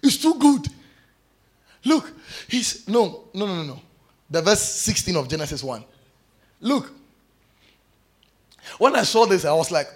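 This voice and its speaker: A man preaching a sermon, shouting scripture with fervor and dropping to quiet prayer. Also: high voice, very animated, unhurried, long pauses, slightly rough. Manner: shouts scripture, then drops to soft prayer.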